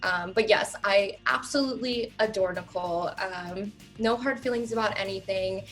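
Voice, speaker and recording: A woman in her thirties giving candid, emphatic interview answers as a reality show contestant, often pausing on "um" and turning emotional, close to tears. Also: medium pitch, a bit bright, soft background music. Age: 30s. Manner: candid, emphatic, many "um" fillers.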